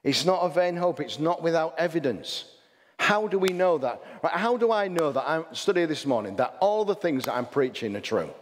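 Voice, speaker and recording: The pastor's voice is on the high side and very animated, moving at a moderate pace in a Hull English accent. His sermon feels chatty, full of rhetorical questions and restarts, with a long hall reverb on the recording.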